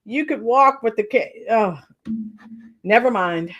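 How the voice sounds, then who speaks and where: Chatty female reaction-stream host with a high voice who talks straight to her chat. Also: expressive, slow, fairly bright tone, highs cut off. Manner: chatty, greets chat viewers by name. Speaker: livestream host. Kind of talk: casual reaction livestream.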